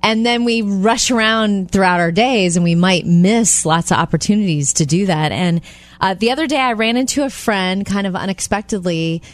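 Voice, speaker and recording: A woman's voice: medium pitch, moderate pace, no echo. A woman co-hosting a radio show, telling stories in casual chat with frequent laughs and giggly asides. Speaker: radio co-host.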